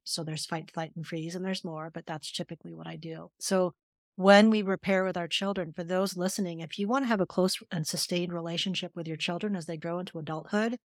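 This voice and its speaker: A middle-aged woman therapist appears as a guest in a conversational podcast interview, telling stories and explaining things earnestly and emphatically. Her fairly low voice comes through in studio quality with no room sound.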